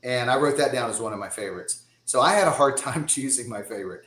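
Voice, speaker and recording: A man's voice: medium pitch, fast, a bit bright, roomy sound, rough recording. A man in his fifties with a Southern US accent, a guest drummer chatting casually in a rambling way and laughing often. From Georgia, US. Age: 50s. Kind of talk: casual chat.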